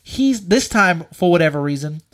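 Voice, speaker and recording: A young man, a podcast co-host, telling a story in casual chat. He is profane and animated, and he shouts the lines he quotes. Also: sits high, normal speed.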